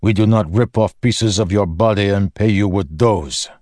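A man voicing a gruff, burly male warrior who speaks with a foreign-sounding accent and a growl, in an audiobook. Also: on the low side, moderate pace, darkish tone, no echo, studio quality, pitched above the performer's own voice, natural voice.

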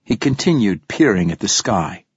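Deep-voiced husky male audiobook narrator. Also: big pitch swings, no echo. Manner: measured, descriptive storytelling. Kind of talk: scripted narration. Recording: slightly dull audiobook recording.

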